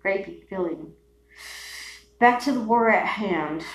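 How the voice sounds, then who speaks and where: A woman hosting a solo podcast, ranting in a rambling, profane way, dropping to mutters and then bursting into shouts. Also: mid-range voice, slow, dull audio. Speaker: podcast host. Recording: echoey room with faint hum.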